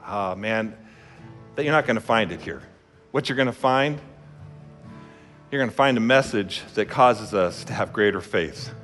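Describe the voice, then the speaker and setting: A man's voice: fairly low pitch, expressive, moderate pace, pauses often, a bit bright. A man preaching a sermon as a pastor, telling a personal story in a conversational, emphatic way. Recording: long hall reverb with faint music.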